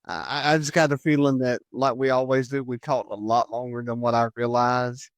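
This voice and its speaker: A man's voice: medium pitch, little pitch movement, moderate pace, no echo. A man hosting a podcast, chatting casually, joking and laughing often. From United States. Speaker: podcast host. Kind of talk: casual chat.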